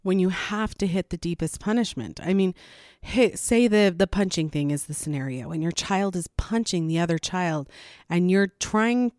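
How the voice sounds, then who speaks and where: A woman talks through parenting advice in an earnest, conversational way, with a voice pitched a little low. The sound is dry and close, with no room around it. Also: animated, normal speed, a little mellow, no echo. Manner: earnest, conversational, laughs now and then. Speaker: parenting vlogger. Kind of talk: casual advice talk.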